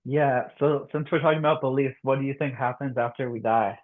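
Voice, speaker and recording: Casting: male podcast host, laid-back and halting, heard over a tinny line. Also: medium pitch. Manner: relaxed, halting, filler words. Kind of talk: casual conversation.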